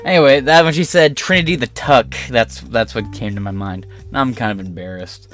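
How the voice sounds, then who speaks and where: A man's voice: mid-range voice, brisk, hardly any pauses, a bit bright, soft background music. A man hosting a commentary show, reading articles aloud and cutting in with profane, sarcastic, contemptuous remarks. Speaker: commentary host.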